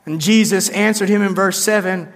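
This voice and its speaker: A man's voice: high-pitched, steady tone, moderate pace, big-room sound. A man preaching a conversational sermon, acting out quoted lines with shifts in his voice. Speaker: pastor.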